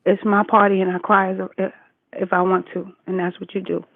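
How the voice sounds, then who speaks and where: A woman's voice: medium pitch, level tone, a little fast, no echo. A woman in her forties speaks over a tinny phone line, emphatic and reassuring. She repeats her words for stress. The sound is dry, with no room around it. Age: 40s. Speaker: caller. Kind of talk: casual consoling chat. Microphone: phone call.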